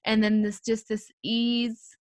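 Woman, podcast co-host. Reflective and soft-spoken, higher voice, dry close sound. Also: completely flat delivery, takes it slowly, no room sound. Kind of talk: casual faith chat.

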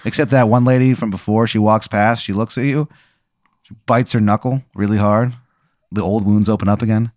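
A man narrating a comedic improvised adventure as game master, deadpan with frequent fillers. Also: lowish voice, normal speed, no room sound, studio quality.

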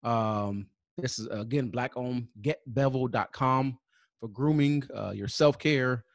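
A man co-hosting a podcast, giving casual sponsor shout-outs and spelling out web addresses slowly, with many fillers. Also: medium pitch, no room sound, clean studio sound. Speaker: podcast co-host.

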